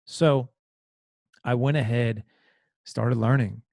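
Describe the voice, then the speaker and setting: A man in his thirties, a podcast host, telling an emotional personal story in a halting, confessional way. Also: medium pitch, fairly even intonation, gravelly, a little mellow, no room sound, studio quality.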